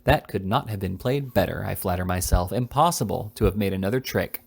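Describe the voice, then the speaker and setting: A man's voice: deep voice, creaky, a little mellow, breathy edge, full character voice. Man playing a stubborn hard-headed countryman. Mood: smug. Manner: dogged, insistent, slow. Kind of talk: audiobook character reading.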